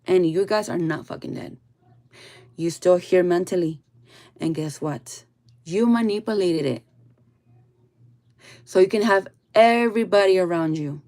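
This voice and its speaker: A woman's voice: a little slow, pauses often. Blunt, profane woman giving a spiritual reading. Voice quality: blunt and profane, drifting soft and low. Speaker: tarot reader.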